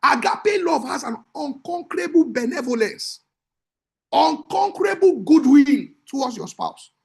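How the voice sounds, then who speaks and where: A man, a marriage coach teaching in an emphatic, repetitive preaching style that breaks into shouts. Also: very high voice, lively intonation, unhurried, creaky.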